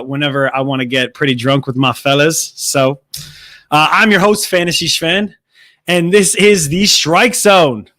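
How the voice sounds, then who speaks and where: Male podcast host, high bright voice, casual and slangy. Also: dry recording, clean studio sound. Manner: hyped, slangy, filler-heavy. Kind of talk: casual sports podcast chat.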